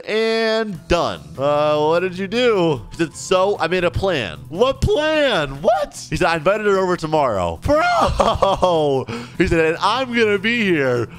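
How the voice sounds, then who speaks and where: An excitable young man chatting through a roleplay game, his pitch jumping all over as he reacts. He sits a little higher than most men and laughs nervously between lines, with faint music playing behind him. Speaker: Roblox roleplay YouTuber. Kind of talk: casual gameplay commentary.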